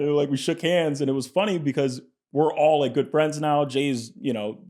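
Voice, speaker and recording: A man's voice: on the high side, brisk, few pauses. A man being interviewed as a business guest in casual chat, telling stories with lots of fillers and acted-out quotes. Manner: animated storyteller, acts out quotes; frequent fillers and restarts. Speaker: podcast guest, entrepreneur.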